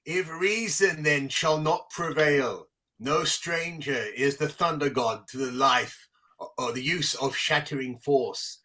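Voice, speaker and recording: A mighty warrior god speaks in a deliberate, unhurried cadence, as a man puts him on. His tone rings bright and forceful, with old-fashioned pomp in every phrase. The voice sits a little distant from the mic. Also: a little high, full character voice. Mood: grandiose. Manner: slow, grand, old-fashioned declaiming. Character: booming archaic male thunder god warrior.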